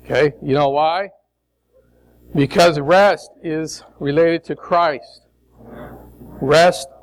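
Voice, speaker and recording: A man from Chicago preaching a sermon in an unhurried, deliberate way. His voice sits a little high for a man, and he coaxes and drills the congregation in call-and-response, slipping in light jokes along the way. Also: low-quality recording. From Chicago, United States. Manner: coaxing, emphatic, jokes with the congregation.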